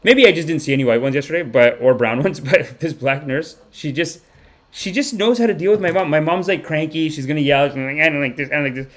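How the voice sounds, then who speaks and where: A man hosting a live comedy podcast, telling a rambling story in an animated way, swearing freely and acting out the people he describes. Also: on the high side, brisk. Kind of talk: rambling comic monologue on a live stream.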